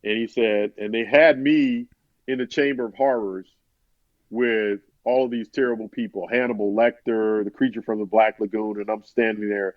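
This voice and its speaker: Speaking at a moderate pace with a lowish, fairly even voice, a sportswriter guest spins a chatty, rambling story full of restarts. He voices other people's words himself. The podcast recording is muffled and dry, without echo.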